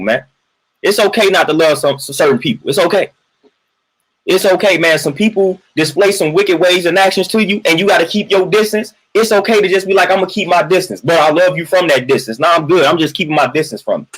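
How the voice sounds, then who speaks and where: Over a low-quality recording, a livestream host rants casually in a voice that's slightly rough, a bit bright and on the high side. He keeps repeating his points with emphasis, finishing lines with "man," and shouts out chat viewers in between.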